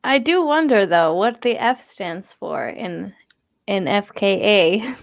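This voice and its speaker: A woman's voice: medium pitch, lively intonation, slow, vocal fry. A woman co-hosting a podcast, chatting casually with teasing asides and frequent giggles. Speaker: podcast co-host. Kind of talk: casual joking chat.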